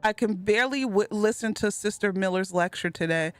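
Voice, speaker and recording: A woman hosting a gameplay video. She reads in-game letters aloud slowly and earnestly, and sometimes breaks off with giddy high-pitched exclamations. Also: no room sound, soft background music. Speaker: gaming video host. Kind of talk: let's play commentary, reading in-game letters aloud.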